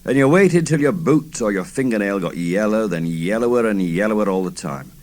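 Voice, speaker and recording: A man's voice: lowish voice, lively intonation, brisk, darkish tone. A man in his fifties, an author reading his novel aloud in a theatrical, first-person style. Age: 50s. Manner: theatrical, swooping delivery.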